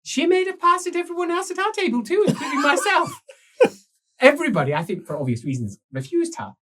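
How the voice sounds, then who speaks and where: A man's voice: extremely high pitch, big pitch swings, a little fast, a bit bright. A man telling his character's story in an improvised tabletop game, rambling with many fillers and restarts.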